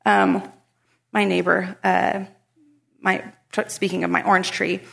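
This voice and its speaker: A woman leads a casual devotional talk as a Bible study speaker, reading scripture and chatting about everyday life. She's chatty and grows animated when retelling a story, her lowish voice unhurried, creaky, and slightly rough.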